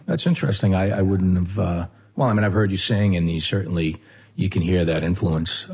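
A man's voice: deep voice, fairly quick, a little mellow, breathy edge. A man from central Massachusetts interviewing a guest casually, mostly giving brief attentive replies and questions.

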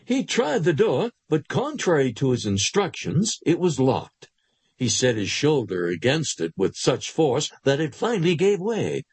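A man narrating a literary short story aloud in an expressive storytelling manner. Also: a little high, a little slow, breathy edge, no room sound.

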